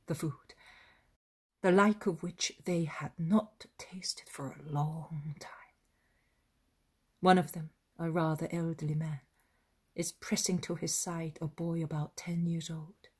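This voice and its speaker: A woman reading a religious book aloud in a very breathy, husky voice that often slips into a near whisper. She takes her time, moving at a slow, measured pace with a slightly low pitch. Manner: soft, half-whispered reading. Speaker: audiobook reader. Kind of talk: scripted narration.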